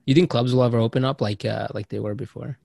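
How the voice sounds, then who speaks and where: A man's voice: mid-range voice, steady tone, fast talker, vocal fry, a little mellow, dry recording. Teasing man. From India. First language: Marathi. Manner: teasing, laid-back banter. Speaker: podcast co-host. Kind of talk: casual chat.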